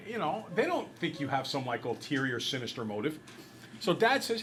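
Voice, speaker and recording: A man's voice: on the high side, sing-song, moderate pace, crowd noise. A middle-aged man teaching a math class, telling jokey stories and acting out little voices. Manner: playful, jokey, acts out voices in anecdotes.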